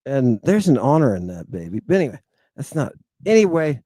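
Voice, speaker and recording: A man's voice: mid-range voice, a little slow, vocal fry, pauses often, breathy edge, no echo. A man telling a personal story in a casual, slangy monologue, hosting his own show and tossing in "right?" along the way. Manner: animated, slangy, peppers lines with "right?" and "baby". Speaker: podcast host.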